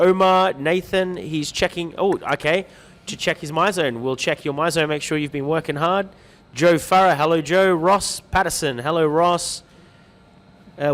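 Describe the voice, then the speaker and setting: Male livestream host, friendly and chatty, slightly raised pitch, long hall echo on the track. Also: normal speed, fairly bright tone. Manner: chatty, greets viewers by name, light joking. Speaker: livestream host reading viewer comments. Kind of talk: upbeat live-stream chat.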